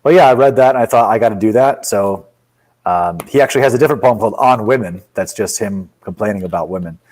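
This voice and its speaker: Blunt, opinionated male poet guest, slightly low voice, casual talk. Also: fast talker, a little mellow, poor audio. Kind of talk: casual interview chat.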